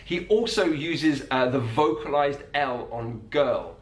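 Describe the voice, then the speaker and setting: A man teaching about accents in a clear, patient way, slowing down to demonstrate individual sounds. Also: mid-range voice, animated. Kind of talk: explanatory video lesson. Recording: echoey room.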